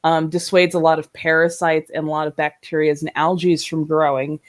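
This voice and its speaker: A woman's voice: low-pitched, level tone, fairly quick. A woman co-hosting a casual chat, telling a story animatedly, acting out voices and laughing often, heard over a video call. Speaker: podcast co-host.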